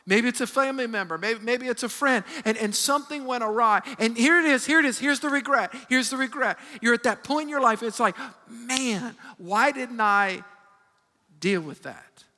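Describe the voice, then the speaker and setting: A man preaching a sermon as pastor, animated and emphatic, often restarting his sentences. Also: very high voice, a little fast, hardly any pauses. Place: large church hall. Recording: long hall reverb.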